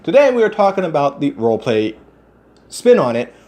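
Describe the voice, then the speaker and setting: A man's voice: fairly high pitch, very animated, normal speed, a little mellow. A man hosting his own channel, giving brash, sarcastic commentary with plenty of swearing and big swings in delivery. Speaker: channel host. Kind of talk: casual commentary vlog.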